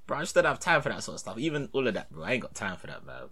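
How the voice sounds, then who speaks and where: A young man, co-hosting a podcast with animated, slangy storytelling over a video call. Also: medium pitch, racing, slightly rough. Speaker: podcast co-host. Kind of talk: casual chat.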